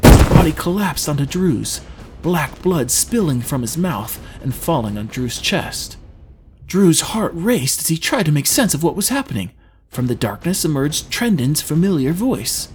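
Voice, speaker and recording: Expressive male story narrator. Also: a little high, measured pace, slight background noise. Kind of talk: scripted audiobook narration.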